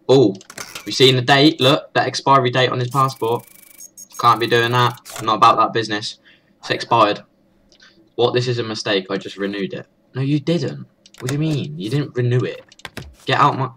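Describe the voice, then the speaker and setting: A man's voice: medium pitch, sharp tone, slight background noise. A young man hosting a let's play, talking crudely and mockingly at the characters in the game. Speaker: gaming channel host.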